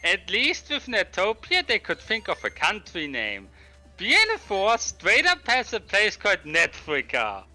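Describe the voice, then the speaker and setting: A man's voice: high-pitched, wildly swooping pitch, measured pace, sharp tone, soft background music. A man chatting casually over a game, wryly explaining its quirks. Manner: wry, explanatory. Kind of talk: casual gaming chat.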